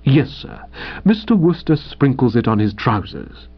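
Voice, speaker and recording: A man reading as a suave, imperturbable manservant, quiet and deferential, with a lilting, lively delivery. The audio is dull and lo-fi, as from an old audiobook. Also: mid-range voice, unhurried, breathy edge. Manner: soft, unruffled and deferential. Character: suave, imperturbable middle-aged male valet.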